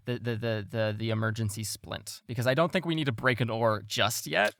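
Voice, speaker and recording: Man game master, gravelly, dry close sound, hesitant narration. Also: mid-range voice, a little fast, fairly bright tone, no room sound. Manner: hesitant, many fillers and restarts.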